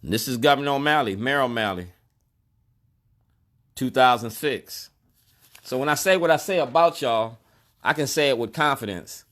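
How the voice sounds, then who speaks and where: A man's voice: medium pitch, moderate pace, long pauses, a bit bright. A middle-aged store owner speaking straight to the camera in a protest monologue, colloquial and emphatic, repeating his key lines. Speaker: store owner and activist vlogger.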